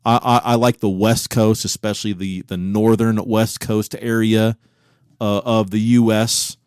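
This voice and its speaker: A man co-hosting a casual podcast from a home recording room, cursing freely and breaking into loud disbelief. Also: on the low side, little pitch movement, unhurried, clear, resonant tone, no echo, clean studio sound. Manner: profane, incredulous, loud bursts of disbelief. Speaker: podcast co-host. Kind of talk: casual banter.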